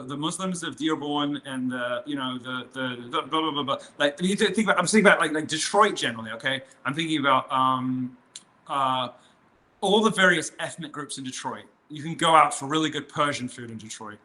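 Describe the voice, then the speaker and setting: Guy with a bright tense voice, kinda high, rambles and restarts a lot, mocking tone. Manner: rambling, with many restarts and fillers; mocking, provocative. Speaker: interview guest. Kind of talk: casual interview conversation.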